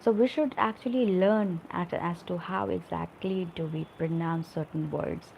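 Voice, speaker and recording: A woman's voice: fairly low pitch, a little slow, gravelly, muffled recording, a little hiss or hum. A middle-aged woman teaching spoken English in a live online lesson, explaining with examples and often checking in with "right?".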